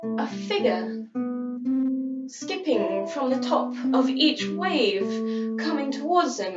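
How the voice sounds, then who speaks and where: Slow, dramatic woman storyteller. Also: high voice, lively intonation. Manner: slow and dramatic, with long pauses. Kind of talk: storytelling narration over guitar music. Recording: roomy, distant and dull, with loud guitar music.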